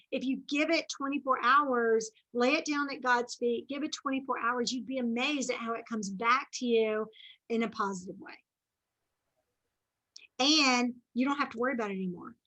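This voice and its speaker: A woman's voice: high-pitched, moderate pace, a bit bright, low-quality recording. A woman giving an earnest, faith-based motivational talk to a sales team, chatty and full of asides.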